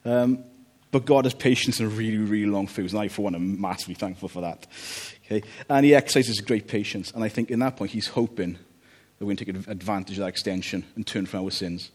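A man preaching a relaxed, conversational sermon, joking about family life and often checking in with "okay?". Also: on the low side, a little fast, few pauses, husky. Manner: chatty, jokey, checks in with "okay?".

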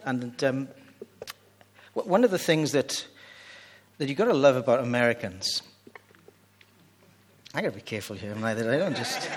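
A man preaching a sermon, reading scripture and telling jokey asides in a conversational way. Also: mid-range voice. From Wales. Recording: reverberant hall.

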